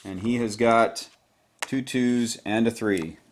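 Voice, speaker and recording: A man playing a board game at home and narrating each dice roll to his viewers, growing excited as the rolls go his way, recorded on his own camera. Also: mid-range voice, takes it slowly, a little hiss or hum. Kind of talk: casual play-by-play of a board game. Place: home, indoors.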